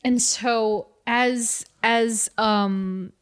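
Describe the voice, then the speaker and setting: A woman co-hosting a podcast, casually recapping a comic story with lively storytelling, frequent laughs and fillers. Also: fairly high pitch, drawn-out words, smooth. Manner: animated storytelling, laughing often, many fillers. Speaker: podcast co-host.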